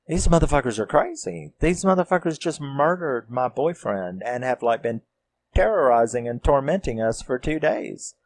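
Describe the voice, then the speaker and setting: A man's voice: medium pitch, expressive, normal speed, no room sound, voice pushed up, natural voice. A man with a Southern US accent voicing a panicked young woman who pleads for help in a film retelling. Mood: frantic.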